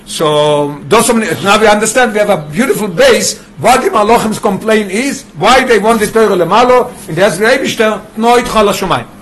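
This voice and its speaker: High-voiced man teaching. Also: moderate pace, few pauses, a bit bright. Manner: mixes English with Yiddish and Hebrew terms, explains with examples. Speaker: Torah teacher. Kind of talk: classroom Torah lesson.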